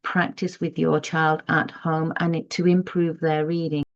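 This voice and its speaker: A woman's voice: low voice, level tone, unhurried, muffled recording. A woman teaching parents in an online lesson, patient and explanatory, stressing key terms as she goes. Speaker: parent tutor.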